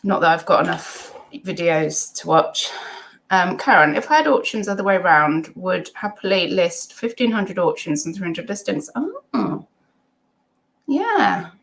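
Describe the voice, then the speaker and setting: A woman's voice: fairly low pitch, expressive, normal speed, vocal fry, fairly bright tone. A middle-aged woman, hosting a casual live stream at home, reading chat comments and rambling with many ums and asides.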